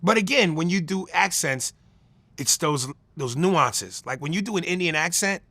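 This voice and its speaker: Loud, animated man comedian. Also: fairly high pitch, normal speed, dry recording. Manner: animated, loud and profane, breaks into accent impressions. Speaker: comedian guest. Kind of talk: casual interview chat.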